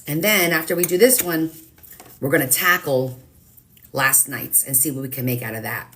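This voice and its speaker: Low-voiced chatty woman painting live. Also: normal speed, fairly bright tone, slight background noise. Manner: chatty, self-teasing, thinks aloud while painting. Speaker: live-stream craft host. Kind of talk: casual live watercolor painting chat.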